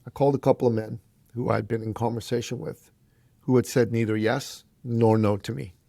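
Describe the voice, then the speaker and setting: A man's voice: mid-range voice, steady tone, fairly quick, gravelly, mellow, no room sound. A man as a podcast guest, telling a motivational story in an emphatic, punchy way and challenging the listener.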